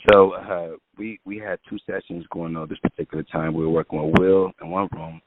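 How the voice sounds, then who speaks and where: A man's voice: low voice, steady tone, brisk, no echo. A man, a music producer guest, telling long casual stories in an interview with many fillers. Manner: rambling anecdotes with many fillers. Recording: tinny phone-line sound.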